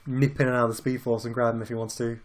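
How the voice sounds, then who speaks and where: Very fast and flat, at medium pitch, a British man keeps the podcast film chat loose and meandering as co-host, cursing now and then.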